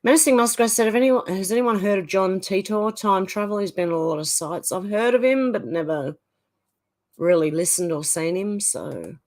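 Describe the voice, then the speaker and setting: A woman's voice: mid-range voice, moderate pace, darkish tone. A woman hosting a livestream, reading out viewer comments and chatting back in a casual way. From Australia. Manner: chatty, reads viewer comments aloud and reacts. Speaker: livestream host. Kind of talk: reading out live chat comments.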